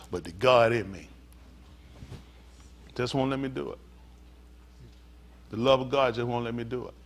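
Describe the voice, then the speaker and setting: A man preaching a sermon as pastor, swinging from hushed talk to shouting. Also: medium pitch, a little slow, pauses often.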